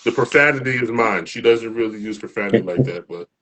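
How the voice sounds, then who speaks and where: A man hosting a poetry show, delivering dramatic spoken-word poetry that builds into shouts. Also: fairly low pitch, fast talker, a little hiss or hum. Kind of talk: performance poetry recital.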